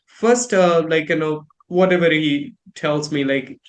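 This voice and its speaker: A man from India with an Indian English accent, co-hosting a relaxed, thoughtful conversation about English pronunciation and repeating words to show how they sound. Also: on the high side, unhurried.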